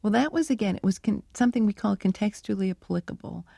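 A middle-aged woman with a gravelly, mellow voice, speaking as an interview guest. She tells her stories thoughtfully and slips into the remembered lines of dialogue. The recording is dry and close, made at a studio microphone. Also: medium pitch, fast, no echo. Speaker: animal researcher, interview guest. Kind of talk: radio interview, storytelling answers.

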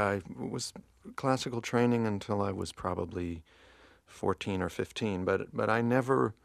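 A man with a very low voice and a gravelly edge talks quietly in an interview, often restarting his sentences. He is from New Jersey. The sound is dry and close. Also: no room sound. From Montclair, New Jersey. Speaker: guest musician. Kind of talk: casual interview chat.

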